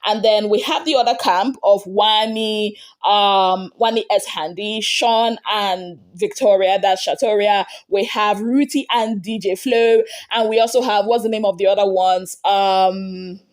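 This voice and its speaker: A woman hosting an entertainment gossip show, recapping reality TV fights in a casual, animated way. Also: unhurried, hardly any pauses. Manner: animated retelling, acting out quotes with big pitch jumps.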